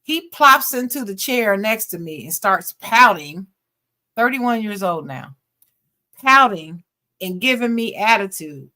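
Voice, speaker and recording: Reading a listener's letter on her podcast, a woman co-host puts expression into it and occasionally drops in laid-back, slangy comments. Her voice is medium in pitch and a little slow.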